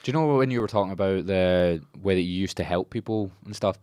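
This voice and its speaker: A man's voice: sits low, fast, darkish tone, clear, resonant tone, no room sound, clean studio sound. A man hosting a casual podcast chat, a coach who swears freely and laughs often as he talks.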